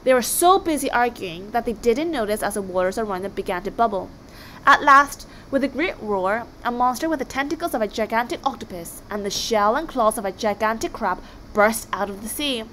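A woman reading a children's story aloud in an expressive storytelling way. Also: on the high side, a little fast, slight background noise.

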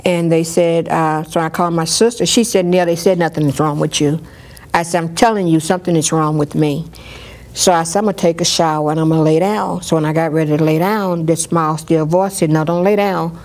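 Low-voiced woman telling her story. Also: brisk. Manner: lively storytelling, acting out others' words. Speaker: storyteller sharing her life. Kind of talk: personal story told in an interview.

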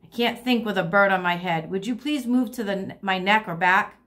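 A woman's voice: mid-range voice, moderate pace, a bit bright, natural voice. A woman voicing a grumpy male house cat, exasperated and insistent.

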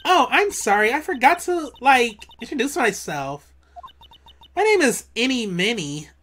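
A woman's voice: a little high, very animated, measured pace, fairly bright tone, pitched above the performer's own voice, full character voice. A woman voicing a ditzy young female college student with a valley girl drawl, full of "like". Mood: bubbly.

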